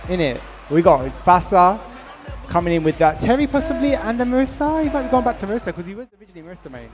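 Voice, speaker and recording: A man's voice: high voice, animated, racing, over music. A man with a British accent doing casual, chatty fighting game commentary, upbeat and full of slang fillers. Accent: British English. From Britain. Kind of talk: casual live tournament commentary.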